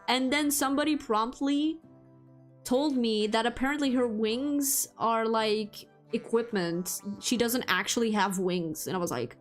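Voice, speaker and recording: A woman with a fairly high voice hosting a relaxed chat stream, talking at an unhurried, drawn-out pace. She giggles between thoughts and peppers her sentences with "like". Faint music plays softly behind her. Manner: giggly, chatty, heavy use of "like". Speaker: VTuber streamer.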